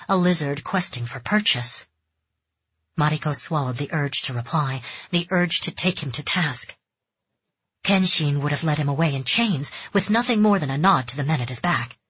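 A woman narrating a dark fantasy audiobook in measured, tense storytelling. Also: deep voice, slightly rough, dry recording. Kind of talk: scripted narration. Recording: dull, dry close recording.

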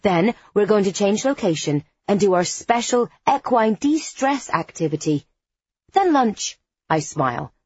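A woman's voice: fairly low pitch, normal speed, darkish tone, husky, no echo, dull audio. A woman narrating a first-person story in a wry, conspiratorial tone with dry understatement. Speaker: audiobook narrator.

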